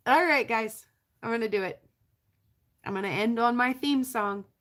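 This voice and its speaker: A woman's voice: on the high side, moderate pace, fairly bright tone. A woman from the North American prairie, chatting casually and rambling to her viewers as a rockhounding vlogger, laughing often.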